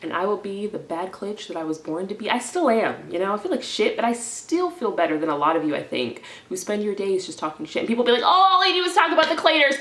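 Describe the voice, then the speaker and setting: A young woman vlogging in a stressed, rambling confessional, swinging from low mumbling to loud indignant outbursts and slipping made-up words into her speech. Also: animated, quick pace, few pauses. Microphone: camera in front of her. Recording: echoey room.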